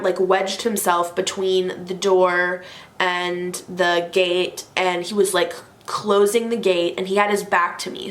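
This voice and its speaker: A young woman casually telling a story to camera, chatty and animated, leaning on "like" a lot. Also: mid-range voice. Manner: animated, chatty, heavy use of "like". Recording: echoey room.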